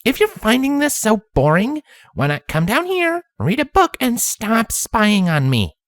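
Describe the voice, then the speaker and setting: A man voicing a bookish young unicorn filly who speaks in a high, earnest, nervous way. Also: huge pitch swings, a little slow, no echo, clean studio sound, exaggerated voice. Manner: high, earnest, anxious and pleading.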